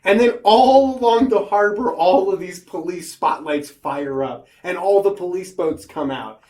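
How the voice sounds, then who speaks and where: A man's voice: high voice, a little slow. A man hosting a casual comedy podcast, recapping a book's plot and acting out the characters as he goes. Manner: animated storyteller, recaps plot and acts out characters. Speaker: podcast host. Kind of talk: casual comedic book discussion.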